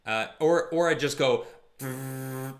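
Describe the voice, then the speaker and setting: A young man hosting a live stream, reading chat messages aloud and chatting casually, shifting between jokey and somber. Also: mid-range voice. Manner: chatty, animated, quick mood swings from jokey to somber.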